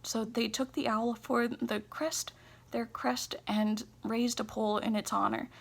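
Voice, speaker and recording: A woman reading a traditional folktale aloud at an unhurried pace, pausing now and then to correct herself. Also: fairly high pitch, little pitch movement, vocal fry, breathy edge. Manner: unhurried reading with small restarts and self-corrections. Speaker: storyteller.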